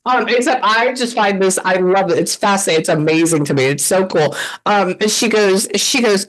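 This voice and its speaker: A woman's voice: medium pitch, a little fast, hardly any pauses, poor audio. A woman working as a spirit medium, talking animatedly during a reading, often breaking off mid-sentence with sudden exclamations. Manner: animated, interrupts herself, exclaims. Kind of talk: live reading session with a client.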